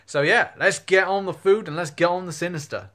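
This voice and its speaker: Out in a park, an English man vlogs on his phone camera, rambling casually to the lens with plenty of fillers and restarts. His voice is high, brisk and fairly bright.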